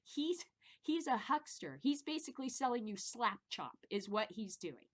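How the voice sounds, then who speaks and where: A middle-aged woman from the American Midwest, hosting a casual monologue show, rambling and animated and swearing freely. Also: on the high side, normal speed. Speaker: podcast host.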